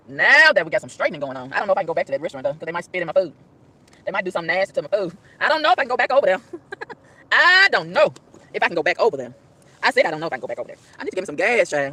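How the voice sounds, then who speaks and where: A woman's voice: medium pitch, sing-song, racing, pushed and bright, breathy edge. A woman ranting emphatically in a vlog from inside her car, repeating herself and breaking into preacherly exclamations. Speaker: vlogger.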